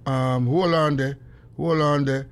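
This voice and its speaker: A man's voice: mid-range voice, takes it slowly. A man with a Jamaican accent hosting a call-in radio show, telling stories in patois with frequent laughter. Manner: animated storytelling in patois, laughing often. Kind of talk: casual call-in radio chat.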